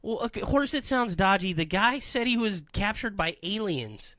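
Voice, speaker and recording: A man hosting a podcast, telling stories in an animated, rambling way in a casual comedic chat. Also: high voice, moderate pace, dry recording. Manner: animated, rambling storytelling with voices. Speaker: podcast host.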